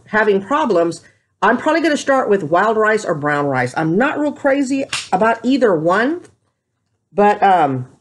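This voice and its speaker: Chatty woman telling stories. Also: mid-range voice. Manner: chatty, rambling storyteller. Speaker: vlogger. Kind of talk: casual chat to camera.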